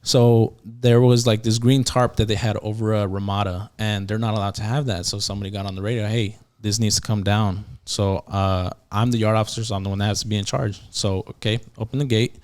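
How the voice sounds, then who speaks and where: A man's voice: fairly low pitch, fast, few pauses. A man, a podcast guest and former prison yard officer, telling a story casually with lots of fillers and restarts and acting out quotes. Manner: animated, acts out quotes, many fillers and restarts.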